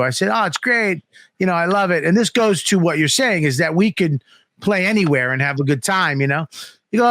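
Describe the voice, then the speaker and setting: A man's voice: high voice, lively intonation, brisk, fairly bright tone, no room sound. A man co-hosting a radio show, telling a story animatedly and acting out the quotes with lots of swearing. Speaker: comedian co-host. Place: radio studio. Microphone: studio microphone.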